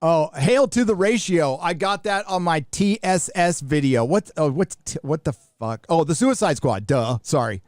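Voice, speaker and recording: A man's voice: on the high side, lively intonation, moderate pace, hardly any pauses, no room sound, studio quality. A middle-aged man from the United States hosting a live show, talking bluntly and casually with profanity and frequent restarts. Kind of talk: casual livestream commentary.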